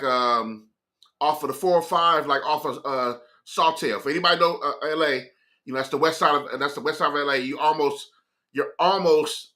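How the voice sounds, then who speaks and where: Host, male, casual comic storyteller, bright tense tone, slightly high voice, slangy. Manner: loose slangy delivery, laughs often. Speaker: morning show host.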